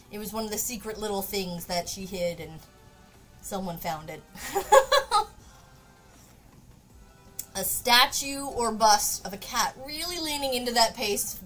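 A woman's voice: mid-range voice, a bit bright. A woman chatting casually to her viewers during a live craft stream, laughing often and swearing now and then.

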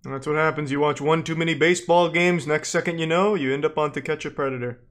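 A man's voice: on the high side, steady tone, fast talker, fairly bright tone. A man streaming a reaction video, making wry jokey asides and reading out viewer thanks. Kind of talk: casual reaction commentary.

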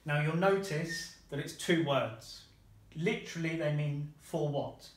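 A man's voice: on the high side, measured pace, echoey room. A man teaching a lesson, patiently modelling phrases and praising his student's answers. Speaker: language teacher.

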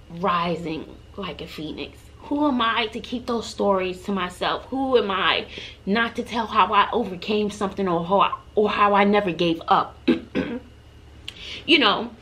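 A middle-aged woman from Texas talks straight to her viewers in a chatty, heartfelt vlog. Her voice sits at an ordinary middle pitch, and she sounds earnest and a little emotional as she shares encouraging stories. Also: a bit bright. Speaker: vlogger. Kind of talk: heartfelt motivational storytelling.

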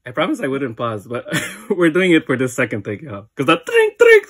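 Excitable reactor with a lively voice. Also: medium pitch, normal speed, slight background noise. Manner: excitable, says "y'all" constantly, laughs often. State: sweaty and teary after the video. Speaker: music video reactor. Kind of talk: excited casual reaction commentary. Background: music video playing.

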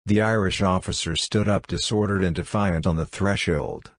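A man narrating a classic story as an audiobook reader, in a measured, even way. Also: low-pitched, no room sound, clean studio sound.

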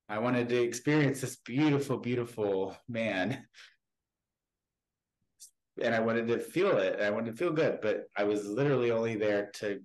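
Guest, male, 30s, lowish voice; candid, halting storyteller who often restarts. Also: low-quality recording. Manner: halting, frank, with many restarts. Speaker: podcast guest. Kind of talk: personal storytelling in an interview.

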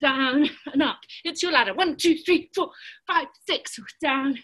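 High-voiced energetic woman fitness coach. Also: unhurried, poor audio. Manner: energetic counting and cheering on. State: a little out of breath. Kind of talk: live online workout class. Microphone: video call.

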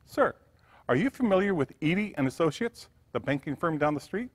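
A man's voice: fairly high pitch, very animated, fairly quick, pitched above the performer's own voice. A man voicing a wealthy, kind middle-aged businesswoman who speaks politely but insists. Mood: gracious. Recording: church hall reverb.

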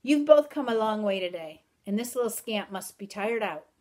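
A woman reading aloud in the voice of a mysterious, teasing wandering man with calm, old-country phrasing. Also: mid-range voice, moderate pace, natural voice. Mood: coaxing. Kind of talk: audiobook reading.

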